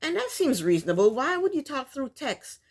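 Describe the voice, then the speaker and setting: A woman's voice: high voice, big pitch swings, normal speed, a little hiss or hum. A woman vlogger recapping a reality TV episode in casual, opinionated commentary, exasperated and loose, with frequent restarts. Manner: loose, full of restarts and fillers.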